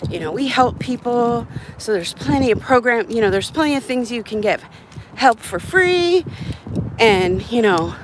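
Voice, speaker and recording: A woman's voice: on the high side, animated, a little slow, background noise. A woman telling a story on a livestream outdoors, out of breath and chatty, acting out the other people's lines as she goes. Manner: chatty, acts out quoted voices. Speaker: live-streamer. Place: outdoors on a hot city street.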